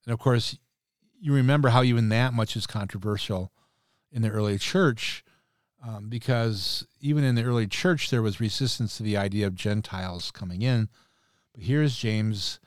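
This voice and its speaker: A pastor, a man, teaching through scripture in a measured, explanatory podcast sermon, quoting passages at length. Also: mid-range voice, no echo, clean studio sound.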